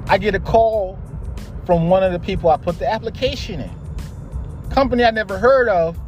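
A man's voice: sits high, normal speed, darkish tone, faint music behind. A young man hosting a podcast, telling a story about his job in a blunt, exasperated way with lots of swearing. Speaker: podcast host. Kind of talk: casual storytelling monologue.

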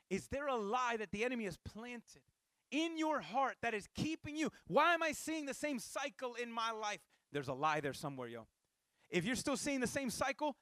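A male pastor giving a sermon in a casual, animated way, with slang asides to the congregation. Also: very high voice, fairly quick, no room sound.

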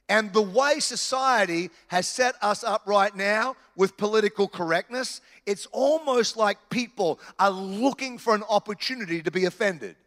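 A man with an Australian accent, preaching a sermon in an animated, conversational way with touches of humor. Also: high voice. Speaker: pastor. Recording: reverberant church hall.

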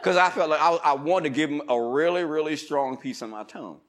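A male pastor preaching a sermon, moving between loud shouts and quiet asides, leading the congregation in call-and-response and telling stories with laughter. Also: on the high side, fairly quick. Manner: animated preaching, swings from loud shouts to murmurs.

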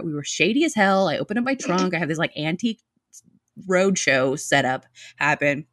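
A woman tells a comic personal story to a live audience, mocking herself as she goes. Her voice sits a little low but swings widely in pitch, lively from phrase to phrase. The sound is close and dry, with no room around it. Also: normal speed, dry recording. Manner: animated, self-mocking, laughs mid-sentence.

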